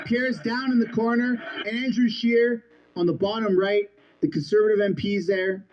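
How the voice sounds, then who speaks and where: A man streaming from his basement on a headset mic, reacting with loud swearing, shouting and exasperation. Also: high-pitched, fairly even intonation, normal speed, lo-fi sound, faint music behind. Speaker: streamer reacting to a parliament clip. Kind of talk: loud profane reaction commentary. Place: home basement. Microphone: headset with headphones.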